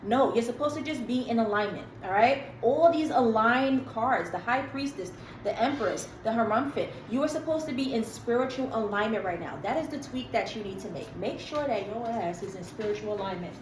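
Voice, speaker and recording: A fairly high-voiced woman talks through a tarot reading in a chatty, emphatic way, dropping slang and asides to her viewers. Her voice bounces around a roomy space. A faint hiss sits underneath it. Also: brisk, few pauses. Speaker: tarot reader. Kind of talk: casual tarot reading to camera.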